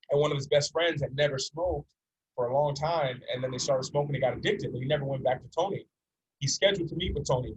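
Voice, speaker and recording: A North American life coach in his forties teaches a coaching session, earnest and repetitive, using stories to make his points. His mid-range voice has a breathy edge, and the audio is poor.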